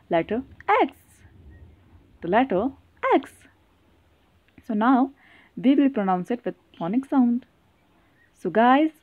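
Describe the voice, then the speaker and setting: A woman's voice: fairly high pitch, no echo. Woman teacher chanting phonics, tinny sound. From Kashmir, India. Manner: slow sing-song chanting of letter rhymes. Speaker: nursery teacher. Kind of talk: sing-along phonics lesson for young children.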